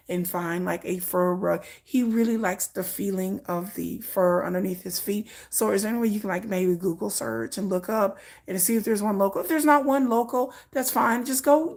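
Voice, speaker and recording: A woman voicing a celebrity's assistant who makes odd requests sound reasonable, in a soft, soothing, overly calm manner. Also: mid-range voice, creaky, pitched below the performer's own voice.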